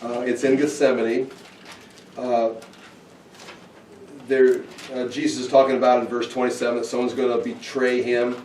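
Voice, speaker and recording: A man's voice: mid-range voice, level tone, moderate pace, pauses often, darkish tone, slight background noise. Man teaching scripture in an echoey room. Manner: conversational, pointing listeners to verses. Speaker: Bible teacher. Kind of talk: informal verse-by-verse Bible teaching. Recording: roomy echo, mic at a distance.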